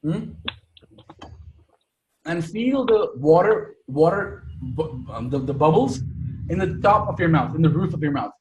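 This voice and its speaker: Male singing teacher, chatty, lively pitch, roomy video-call sound. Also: measured pace, pauses often, slight background noise. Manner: chatty, checks in with "right?" constantly. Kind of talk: casual online music lesson.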